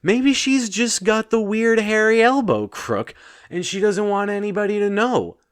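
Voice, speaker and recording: A man improvising an absurd bedtime story with a somewhat high voice. He rambles slowly, correcting himself and throwing in deadpan asides. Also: clear, resonant tone.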